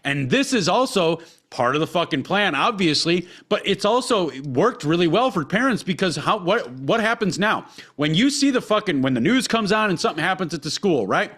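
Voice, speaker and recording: A man's voice: high voice, very animated, normal speed, few pauses, fairly bright tone, breathy edge. A man co-hosting a podcast, ranting heatedly and profanely with lots of repetition. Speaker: podcast co-host.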